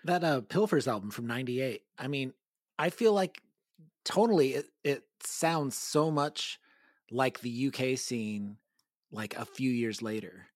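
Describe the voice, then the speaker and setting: A man's voice: medium pitch, animated, unhurried, no echo, clean studio sound. A man co-hosting a casual interview, thoughtful and hesitant as he makes a point.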